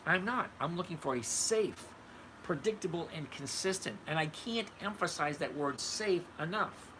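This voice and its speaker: A man's voice: fairly high pitch, a bit bright, a little hiss or hum, low-quality recording. An older retired man hosting a casual livestream, answering viewers by name in a blunt, conversational way. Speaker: host reading live chat. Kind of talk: casual livestream chat about trading.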